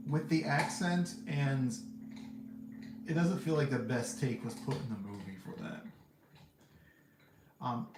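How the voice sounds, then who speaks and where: A man hosting a podcast, giving casual, candid movie reviews in a rambling way and laughing often. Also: a little high. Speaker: podcast host reviewing films. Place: seated indoors. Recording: roomy echo, faint background hum.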